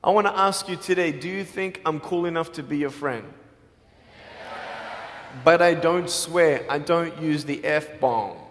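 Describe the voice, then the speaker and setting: A man with an Australian accent giving a live motivational speech, telling his story emphatically and swinging between loud and hushed. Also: fairly high pitch, measured pace, a little hiss or hum. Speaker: motivational speaker. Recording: long hall reverb.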